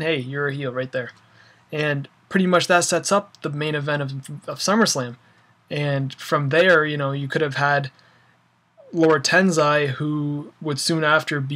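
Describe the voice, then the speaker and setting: A man's voice: on the high side, fairly bright tone. A young man ranting casually about wrestling, rambling with lots of fillers and an exasperated tone. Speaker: wrestling fan vlogger. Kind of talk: casual opinion rant.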